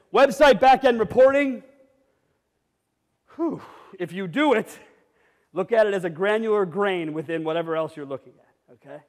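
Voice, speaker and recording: A middle-aged man giving an energetic conference talk to a live audience, blunt and jokey, sometimes rising almost to a shout. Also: sits high. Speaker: conference speaker. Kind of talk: energetic keynote presentation. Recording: reverberant hall.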